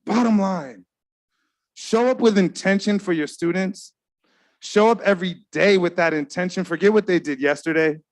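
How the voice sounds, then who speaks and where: A man's voice: sits high, moderate pace. A man giving an emotional, earnest award speech from an awards ceremony stage, talking straight to the crowd. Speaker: award presenter.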